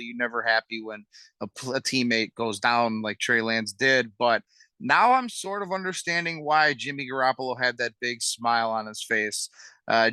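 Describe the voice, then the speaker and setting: A man's voice: mid-range voice, sharp tone, clean tone, no room sound. A man co-hosting a sports podcast, laid back and casually swearing as he explains stats. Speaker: podcast co-host.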